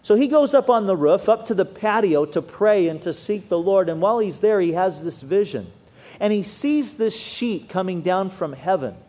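Male preacher, higher-pitched voice, very animated sermon delivery. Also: moderate pace. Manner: animated preaching with wide swings in pitch and loudness. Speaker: pastor.

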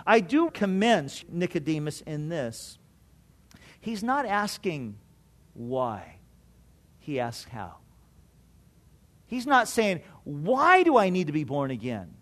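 A man delivers a sermon in a high voice that swings widely in pitch. He takes his time, letting each phrase land slowly. He tells stories and voices the people in them, driving points home through repetition. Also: fairly bright tone. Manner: storytelling preacher, acts out quoted voices, repeats for emphasis. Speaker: pastor.

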